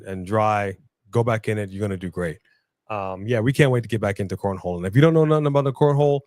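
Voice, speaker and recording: A relaxed man chats through a live watch-along, reading viewer messages and often circling back to the same phrase with a laugh. His voice sits at a middle pitch, heard close and dry with no room sound. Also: no echo. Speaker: co-host of a wrestling watch-along stream. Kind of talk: casual live-stream chat reading super chats.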